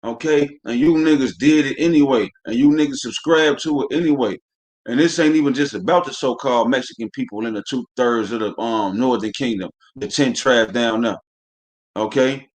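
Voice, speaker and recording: A man's voice: mid-range voice, normal speed. A man teaching a live-streamed scripture class, reading verses aloud and then commenting in a blunt, coarse way, often saying "man". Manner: preachy, blunt, says "man" constantly; coarse, swears freely.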